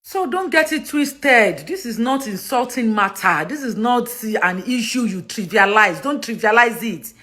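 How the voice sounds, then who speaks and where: A woman's voice: fairly high pitch, expressive, normal speed, few pauses, a bit bright. A Nigerian woman talking straight to her viewers in a vlog, emphatic and affectionate, often repeating herself. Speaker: actress vlogger. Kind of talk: direct-to-camera vlog monologue.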